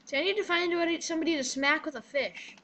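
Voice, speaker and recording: High-voiced casual gamer, talkative, game explainer. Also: rapid-fire, bright, forceful tone, slight background noise. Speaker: gamer playing with a friend. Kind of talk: casual gameplay chat.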